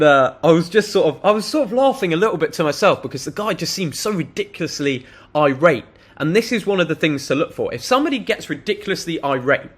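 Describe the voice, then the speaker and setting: A young man with a slightly high, fairly bright voice gives blunt, casual advice directly to the camera. He's a self-improvement vlogger, and he swears freely while telling a story in this advice monologue.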